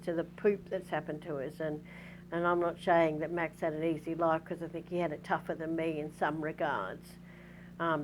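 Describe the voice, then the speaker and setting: Aussie woman in her middle years, lowish voice, rambly candid storytelling, lots of asides. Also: a little hiss or hum, rough recording. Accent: Australian. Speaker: spiritual teacher. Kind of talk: personal storytelling monologue.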